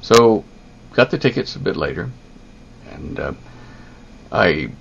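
Older texas guy, super gravelly deep voice, lots of ums and restarts, kinda muffled recording. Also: expressive, a bit bright, slight background noise. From United States. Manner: halting, full of ums and restarts. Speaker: interviewee. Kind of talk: telling a personal story.

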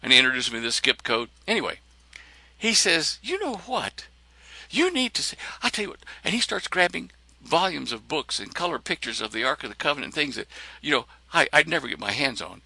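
A man telling a personal story in a lively way, acting out the lines of the people in it. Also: mid-range voice, quick pace, gravelly, no room sound. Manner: animated, acts out other people's lines.

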